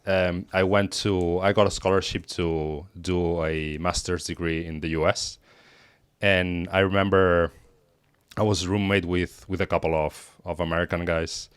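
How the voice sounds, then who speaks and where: Spanish-born man, native Spanish, low resonant voice, dry sound, thoughtful interview guest. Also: little pitch movement, unhurried, clean tone, dry recording. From Spain. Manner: thoughtful, restarts and repeats words while thinking. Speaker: guest, language teacher. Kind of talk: conversational interview.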